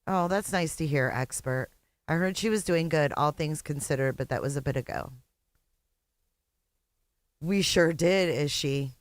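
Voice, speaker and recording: Reaction host, sarcastic and foul-mouthed, slow delivery, dry close sound. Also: medium pitch, no room sound. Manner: profane, sarcastic, laughing. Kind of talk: casual reaction commentary.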